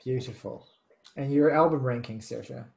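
A man's voice: medium pitch, moderate pace, vocal fry, low-quality recording. A man hosting a casual music podcast, talking loosely with plenty of fillers. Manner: chatty, loose, lots of fillers. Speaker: podcast host.

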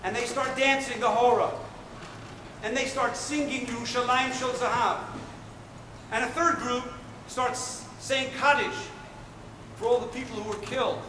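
A man playing an Israeli paratrooper telling a moving battle memory in a dramatic first-person monologue, earnest and swinging between loud urgency and hushed emotion. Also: very high-pitched, steady tone, a little slow, noisy background. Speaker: stage performer. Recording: echoey hall from far off.

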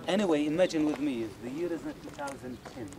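A man guides a group around an outdoor site in a fairly high voice. He is animated and speaks straight to his listeners, and loud outdoor noise runs under his speech. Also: fast talker. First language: Arabic. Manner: animated, demonstrative, addresses listeners directly. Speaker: tour guide. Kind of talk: guided tour talk to a group. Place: outdoors at a rocky archaeological site.

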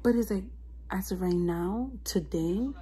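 A young woman speaks unhurriedly in a warm, medium-pitched voice, captured in a low-quality recording. It's a casual confessional vlog where she tells the camera she's stressed and low, using lots of "like" and "you know what I mean."

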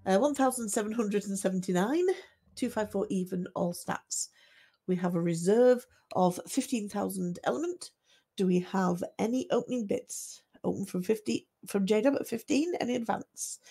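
A woman acting as auctioneer on a game livestream, calling lots and bids in a steady, methodical way. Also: mid-range voice, moderate pace, husky. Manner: steady methodical lot-calling, selling once, twice, sold.

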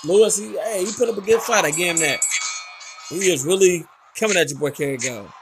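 A man hosting a gaming channel, giving loud, excitable commentary and trash talk while playing, with announcer-style hype. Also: sits high, fairly quick, background noise. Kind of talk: live gameplay commentary.

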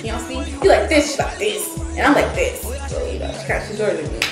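A young woman vlogger telling a story casually, animated and laughing, acting out the people she quotes. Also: medium pitch, fast, reverberant, music in the background. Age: young adult.

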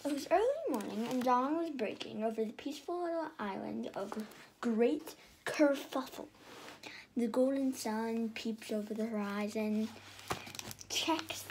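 A woman reading a children's storybook aloud in a lively way, often stumbling and restarting. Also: a little high, slight background noise. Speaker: reader.

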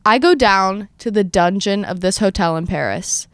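Smooth-voiced young woman telling a dramatic story. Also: medium pitch, normal speed, no room sound, studio quality. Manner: animated, dramatic storyteller acting out her own quotes. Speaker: podcast host. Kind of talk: casual storytelling chat.

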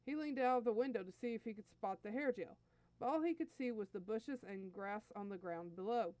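A woman's voice: mid-range voice, expressive, a little fast, dark tone, dry recording. A woman host reading fan fiction aloud in an easygoing, friendly storytelling manner. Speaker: story reader, channel host.

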